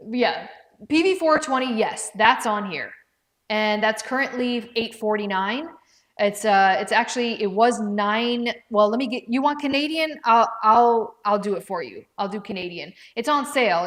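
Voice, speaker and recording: A woman hosting a casual live stream from home, chatting with viewers by name and thinking aloud as she checks prices. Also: medium pitch. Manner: chatty, talks to viewers by name and reads out comments. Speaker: livestream product presenter. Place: indoors at home with her dog.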